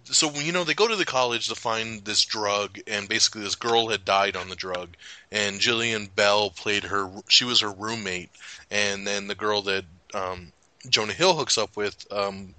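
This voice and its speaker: Guy hosting a podcast, super bright punchy voice, rambles and laughs a lot, swears casually. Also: on the low side, normal speed, no echo. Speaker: podcast host. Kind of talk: casual movie review chat.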